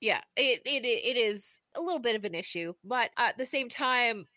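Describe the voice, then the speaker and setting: A woman co-hosting a pop culture podcast, giving animated opinions and laughing easily. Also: on the high side, moderate pace, dry recording. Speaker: podcast co-host. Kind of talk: casual pop culture chat.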